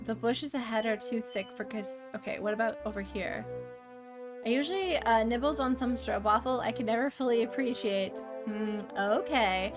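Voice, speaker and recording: A woman's voice: a little high, a little slow, over music. A woman from the Netherlands chatting casually as she streams a game, bubbly and talkative while reading chat aloud. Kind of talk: casual gameplay commentary.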